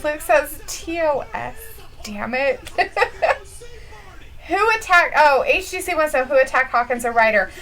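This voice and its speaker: A woman's voice: sits high, expressive, a little slow, crowd noise, low-quality recording. A woman co-hosting a casual live stream, giggling often and reading out chat messages. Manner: giggly, reads chat aloud.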